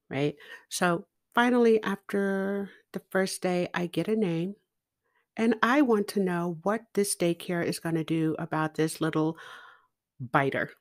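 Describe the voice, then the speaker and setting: Slow, deliberate storytelling woman. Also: fairly low pitch. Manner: slow, deliberate and expressive, with laughs. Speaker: podcast guest speaker. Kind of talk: personal storytelling.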